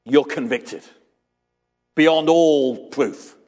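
A man preaching a sermon as pastor, animated and storytelling, acting out small dialogues with his congregation. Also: mid-range voice, very slow, big-room sound, faint music behind.

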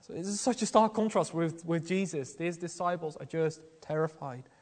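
A man's voice: fairly high pitch, moderate pace, in a large hall. A man preaching a sermon in an earnest, questioning way, often restarting his sentences.

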